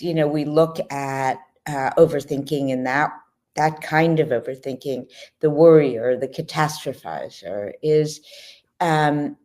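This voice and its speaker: A woman guest speaks in a calm, measured way as she explains an idea. Her voice is low for a woman, and she takes her time with each phrase. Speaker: author and guest. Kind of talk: thoughtful explanation.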